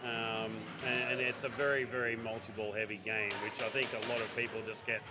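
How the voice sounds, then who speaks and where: A man's voice: medium pitch, little pitch movement, brisk, heavy background noise. A man commentating a pinball competition in a casual, hesitant way with many ums. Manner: chatty, hesitant with frequent ums. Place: pinball club. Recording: music playing loudly behind.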